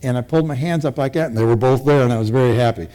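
A man's voice: mid-range voice, rapid-fire, warm tone. An older man, a military veteran, recounting his past in a rambling, vivid oral-history style with many restarts.

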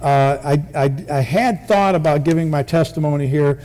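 A man preaches his church testimony in a folksy, joking way, rambling from one thought to the next. His voice is mellow and warm. It sits a little higher than most men's. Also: moderate pace.

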